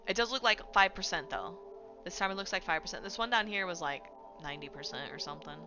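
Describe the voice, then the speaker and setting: A woman game streamer giving excited, chatty, slangy live commentary as she watches and plays. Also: fairly low pitch, quick pace, dull audio. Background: background music.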